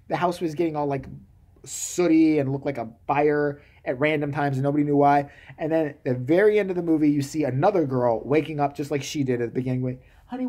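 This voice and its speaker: A man's voice: a little high, darkish tone. A man giving a comedic, sarcastic movie-review rant, swearing freely and acting out the characters' lines.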